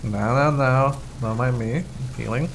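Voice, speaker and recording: A mid-pitched man narrates his own gameplay in loose, casual chat. He jokes, laughs a lot and swears offhandedly. A faint hiss sits under his voice. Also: measured pace, creaky. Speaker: gamer playing co-op.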